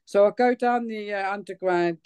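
A woman from England giving a personal testimony at church, telling it in an excitable, chatty way with many fillers. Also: medium pitch, normal speed, clear, resonant tone.

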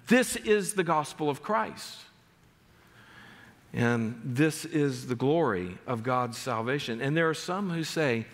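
A man's voice: medium pitch, lively intonation, unhurried, a bit bright. A man pastor preaching a sermon in a church, reading scripture aloud with earnest emphasis. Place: church sanctuary. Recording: long reverb of a church hall.

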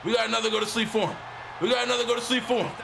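A young man giving excited, slang-heavy commentary while playing a wrestling video game, repeating himself and shouting as he reacts. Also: very high voice, racing, vocal fry, noisy background. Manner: hyped, repetitive slang talk. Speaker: gaming YouTuber. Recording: game music underneath.

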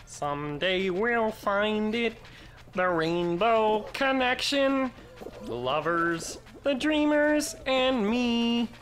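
A gentle, wistful frog puppet, as a man puts him on, croons in a soft, reedy tone pitched up above a normal speaking voice. He draws every word out slowly and tenderly. Faint game music plays behind him. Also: expressive, heavily acted.

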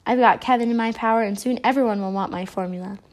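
A scheming mad scientist from a children's storybook, read aloud by a woman. He talks smoothly and with a nasty, sneering edge. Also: on the high side, fast, a little mellow, lightly acted. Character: scheming cold-hearted male mad scientist.

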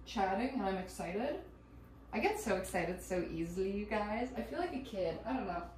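A woman chatting while she cooks at home, rambling and excitable, swearing casually and laughing as she goes. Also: mid-range voice, moderate pace, a little hiss or hum. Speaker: vlogger. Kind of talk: casual cooking vlog chat. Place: home kitchen. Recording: echoey room, voice a bit far from mic.

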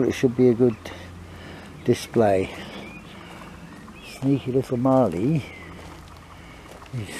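A man's voice: mid-range voice, mellow, a little hiss or hum. A man chatting casually while working on his allotment garden, filmed on a handheld camera, talking now and then to his dog in a coaxing voice. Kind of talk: casual vlog narration.

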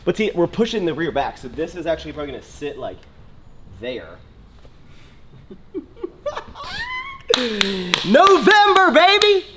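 A man's voice: a little high, very animated, normal speed, pauses often, darkish tone, a little hiss or hum. A young man in a casual vlog, talking loosely and profanely, rambling with lots of fillers. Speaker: fitness vlogger.

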